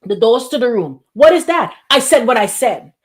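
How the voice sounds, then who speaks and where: Woman pastor, high voice, animated repetitive preaching. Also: moderate pace, breathy edge. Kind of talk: sermon.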